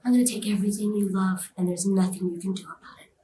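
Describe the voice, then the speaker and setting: A cruel male devil taunts and mocks, played by a woman telling her story, sliding between low jeers and hissed whispers. The voice sounds far from the mic in an echoey room, with a faint hum underneath. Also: steady tone, quick pace, dark tone, lightly acted. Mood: menacing. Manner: taunting, mocking, slipping into whispers.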